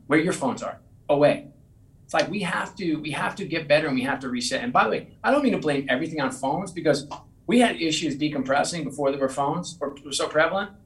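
A man's voice: on the high side, a bit bright, rough recording. A man being interviewed as a guest author who tells stories in an earnest way and often repeats his words. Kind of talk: casual interview storytelling.

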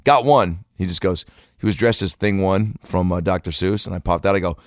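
A man's voice: low voice, brisk, no room sound, clean studio sound. A man telling a comedic story in a loose, profane, rambling way.

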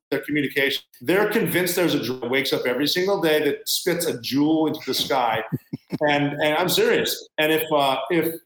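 A man's voice: fairly high pitch, fairly bright tone. Blunt, rambling man in an echoey room. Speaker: guest, former military. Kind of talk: casual interview talk.

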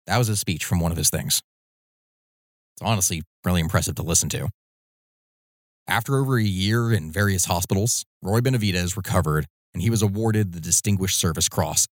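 A man's voice: deep voice, brisk, no echo, studio quality. A man hosting a podcast, telling a history story in a casual, conversational way with loose fillers. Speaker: podcast host.

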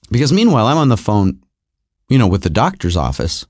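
A middle-aged man telling a personal story in an animated, repetitive, self-mocking way. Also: lowish voice, a little fast, dry recording, studio quality.

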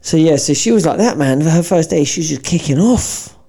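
A man co-hosting a podcast, telling lively anecdotes in casual banter and acting out other people's voices. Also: on the high side, brisk, breathy edge. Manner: animated storyteller, acts out voices in anecdotes. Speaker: podcast co-host. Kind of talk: casual chat.

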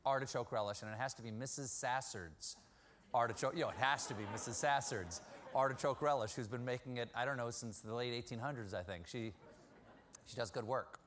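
A middle-aged man fielding questions from a theater audience before a show. He tells stories with a playful, self-mocking edge, and his voice sits at an ordinary pitch. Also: a little fast, a crowd in the background. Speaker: talk show host. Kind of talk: casual audience Q&A.

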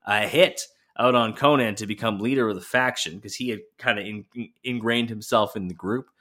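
A man's voice: on the low side, a little fast, a bit bright. A man co-hosting a podcast, chatting casually and swearing freely while recapping a wrestling show. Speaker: podcast co-host.

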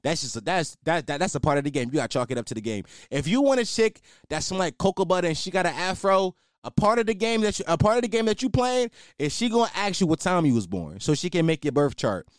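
A man in a comedic podcast rant, profane and riffing, often repeating himself. His voice runs a bit high and swings widely in pitch. The sound is dry and close. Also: sing-song, quick pace, few pauses, no echo.

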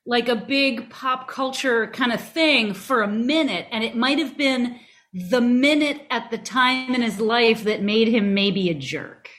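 A woman's voice: fairly high pitch, measured pace, a bit bright. A woman chatting casually as a co-host, offhand and chatty. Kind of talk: casual chat.

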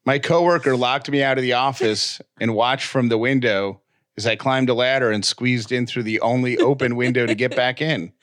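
A man co-hosting a casual podcast, reading listener messages aloud in a relaxed, teasing tone. He laughs along and gently pokes fun at his co-host. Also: mid-range voice, normal speed. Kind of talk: casual chat.

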